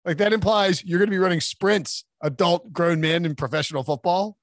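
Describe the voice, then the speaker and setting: Wry, jokey man with a high voice. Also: no room sound. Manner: wry, jokey banter with quick asides. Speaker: podcast co-host. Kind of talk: casual sports talk.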